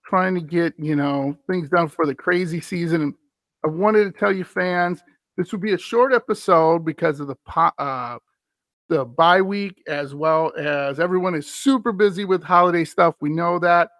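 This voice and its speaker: Gravelly high-voiced man, slow talker. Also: a bit bright, no room sound. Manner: laughs often, short agreeing interjections. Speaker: podcast co-host. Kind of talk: casual sports podcast chat.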